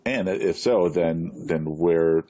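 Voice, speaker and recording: A man interviewing a guest, halting and searching for his words. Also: low voice, mellow.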